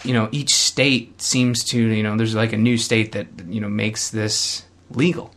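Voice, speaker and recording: A young adult man co-hosting a casual podcast chat, blunt and opinionated, with quick asides. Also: lowish voice, flat delivery, a bit bright. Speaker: podcast co-host.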